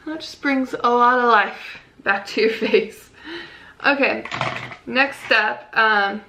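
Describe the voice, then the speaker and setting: Chatty young woman, bright gravelly voice. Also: mid-range voice. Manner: chatty, many "like"s and "um"s, self-deprecating. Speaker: beauty vlogger. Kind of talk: casual makeup tutorial chat.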